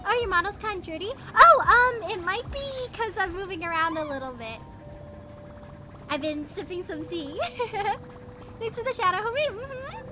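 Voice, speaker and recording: A woman's voice: very high voice, lively intonation, moderate pace. A woman streamer chatting casually with her live chat, bubbly and giggly, greeting viewers by name, her voice still recovering from strain. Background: game music.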